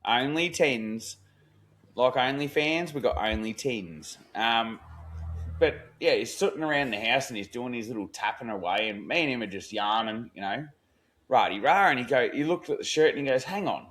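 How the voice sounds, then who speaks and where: A man's voice: medium pitch, expressive, moderate pace, a bit bright. An Australian man co-hosting a podcast, telling a story in a casual, swearing, slangy style and acting out the lines of the people in it. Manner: swearing, slangy yarn-telling, acts out quotes. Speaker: podcast co-host.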